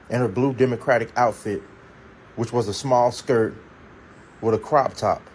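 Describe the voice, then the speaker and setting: A man's voice: medium pitch, a little mellow, slight background noise. A man from Atlanta giving an exasperated, emphatic opinion rant in a casual way. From Atlanta, USA. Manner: exasperated, emphatic, repeats for effect. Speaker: commentator.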